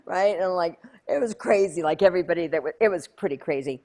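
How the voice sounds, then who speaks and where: Chatty, lively woman telling a story. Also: fairly low pitch, a little fast, few pauses. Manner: chatty, many "like" fillers, acts out her own past lines. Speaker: guest. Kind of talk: animated storytelling in an interview.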